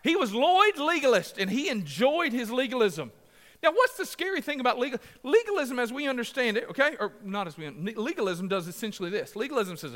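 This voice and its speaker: A man's voice: very high-pitched, very animated, brisk, fairly bright tone, big-room sound. A man preaching a sermon to a congregation, passionate and emphatic, with repeated phrases and asides that joke with the crowd. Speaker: pastor. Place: church sanctuary.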